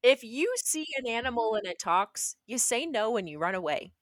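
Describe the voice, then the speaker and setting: A woman's voice: a little high, big pitch swings, moderate pace, dry recording. A young woman reading a fairy tale aloud and breaking off into playful, sarcastic jokes. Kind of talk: reading a story aloud with joking asides.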